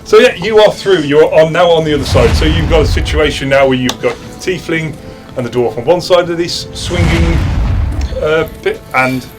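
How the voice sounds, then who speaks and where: A British man narrating as dungeon master in a casual, halting way, with frequent restarts and fillers. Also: on the high side, music in the background. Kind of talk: narrating a tabletop game.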